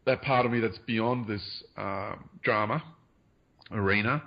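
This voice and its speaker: Low-voiced man, earnest and hedging. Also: fairly even intonation. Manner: earnest, hedging, many pauses and fillers. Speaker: guest. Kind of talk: spiritual interview talk. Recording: dull lo-fi radio audio.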